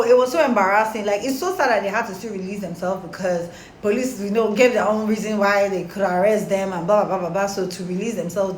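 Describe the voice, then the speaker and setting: A young woman telling a story casually to her followers, animated and slangy. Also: mid-range voice, a little hiss or hum. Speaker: storytime vlogger. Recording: roomy echo, faint background.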